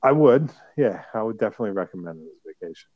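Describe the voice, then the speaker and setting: A man's voice: fairly low pitch, animated, racing, no echo, phone-quality sound. A man on a casual podcast, rambling through a travel story and laughing as he goes. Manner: rambling, laughing, mimics voices in anecdotes. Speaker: podcast co-host.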